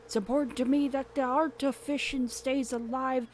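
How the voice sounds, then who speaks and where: A woman voicing a gruff, hearty old fisherman who greets people loudly. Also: steady tone, moderate pace, slight background noise, close to an everyday voice. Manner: loud, booming sailor greetings.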